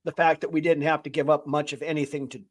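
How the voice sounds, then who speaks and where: A man's voice: fairly high pitch, little pitch movement, fast. Man rambling through sports talk. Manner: rambling, thinking aloud. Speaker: podcast host. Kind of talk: casual sports chat.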